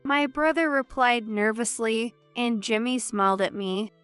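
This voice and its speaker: A woman narrating a dramatic family story in the first person, in an even, measured way. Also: fairly high pitch, clean tone, no room sound, faint music behind.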